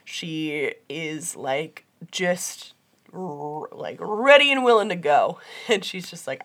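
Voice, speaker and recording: A woman's voice: low-pitched, lively intonation, takes it slowly. Young woman, casual chatter, retells scenes with quoted voices, laughs a lot. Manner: chatty, lots of "like", laughs often, acts out quotes. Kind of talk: casual chat.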